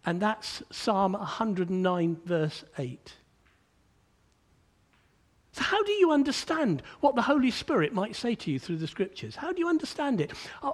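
Guy preaching a sermon, high-pitched, goes way up then drops down quiet, stumbles and repeats words. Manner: animated, rising to high emphatic peaks then dropping low and quiet; repeats words when starting sentences.

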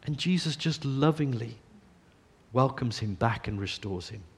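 A man preaching a sermon, earnest, often dropping to a soft hush on key phrases. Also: medium pitch, expressive, a little slow, gravelly, slightly rough.

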